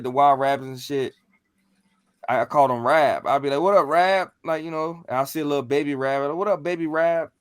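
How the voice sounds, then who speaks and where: Casual male podcast storyteller, slangy and animated, cursing freely, dry close recording. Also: a little high, no room sound. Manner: animated, profane, slangy, acts out what he said. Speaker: podcast co-host telling a ghost story.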